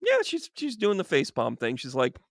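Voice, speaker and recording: A man with a gravelly voice giving a tarot reading on a live stream. He chats with viewers by name in an animated, chummy way and laughs often. The sound is dry and close. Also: on the high side, normal speed, dry recording. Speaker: psychic medium reading tarot.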